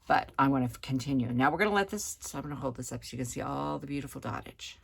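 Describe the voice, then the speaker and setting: A woman giving a chatty, relaxed hands-on card-making tutorial, talking as she works at her craft table. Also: extremely low pitch, fast talker, vocal fry, husky. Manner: chatty, relaxed, talks while working. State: hiccups.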